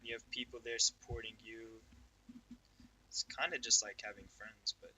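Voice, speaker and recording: A young man with a lowish but very bright, sharp voice rambles aloud to himself from his chair, self-deprecating and dropping into half-whispered mutters. He sits a little back from the mic, with faint room noise behind him. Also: level tone, normal speed, distant mic, low-quality recording. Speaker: vlogger. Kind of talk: rambling solo monologue. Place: home room, seated in a swivel chair.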